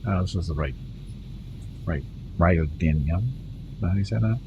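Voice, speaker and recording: A man with a Canadian accent giving relaxed, rambling commentary while streaming a game live and talking to his chat. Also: low-pitched, rapid-fire, creaky, muffled recording, noisy background. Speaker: gaming streamer. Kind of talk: casual live gameplay commentary.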